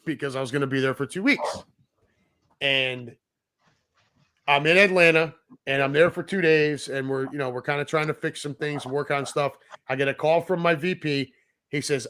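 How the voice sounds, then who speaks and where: A man's voice: on the high side, bright, forceful tone. A middle-aged man, a podcast co-host, telling a long story in casual chat, acting out the people he quotes and swearing freely.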